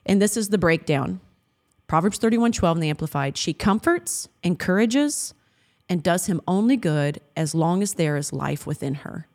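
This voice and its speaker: A woman in her thirties speaks with earnest, affectionate warmth about faith and marriage, often breaking into a laugh. Her voice sits a little on the low side. She reads scripture aloud in a heartfelt conversational way. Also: lively intonation, moderate pace. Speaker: co-host of a Christian marriage talk. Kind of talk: heartfelt faith-based chat.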